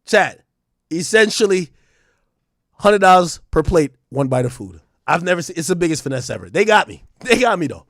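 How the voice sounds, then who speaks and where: High-voiced New man ranting to chat. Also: moderate pace, no echo, clean studio sound. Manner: animated, profane, joking, with loud outbursts. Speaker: streamer. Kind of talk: casual live-stream rant to chat.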